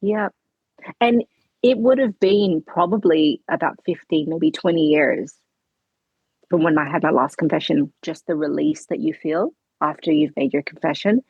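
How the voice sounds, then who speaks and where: In a conversational interview, a middle-aged woman appears as a podcast guest, telling her story earnestly and acting out the dialogue. Her voice sits low and husky at a moderate pace, with no echo and dull audio.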